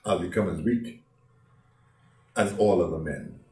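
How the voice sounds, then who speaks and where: A man's voice: sits low, measured pace, darkish tone, pitched below the performer's own voice. A man voicing an evasive, teasing biblical strongman within a sermon, recorded from a distance in a roomy hall. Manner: teasing, offhand.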